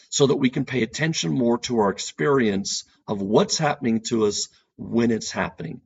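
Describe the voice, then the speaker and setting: A man's voice: medium pitch, vocal fry, highs cut off. A man speaking as a couples therapist on an educational podcast, earnest and repeating key points for emphasis.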